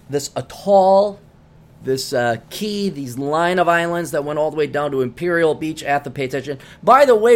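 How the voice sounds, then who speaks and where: A middle-aged man hosting a podcast, telling a rambling story in a casual monologue with many restarts. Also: on the high side. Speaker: podcast host.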